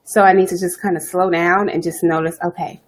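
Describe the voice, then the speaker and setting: Fast-talking woman coaching on a live stream. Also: fairly low pitch, flat delivery. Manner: fast-talking, chatty, greets viewers by name. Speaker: self-care coach hosting a live stream. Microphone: webcam or phone live stream.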